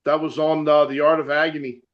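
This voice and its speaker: A man's voice: fairly high pitch, little pitch movement, fairly quick, lo-fi sound. A man with a New Jersey accent, a metal musician chatting as an interview guest, rambling, swearing freely and laughing often. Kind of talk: casual chat.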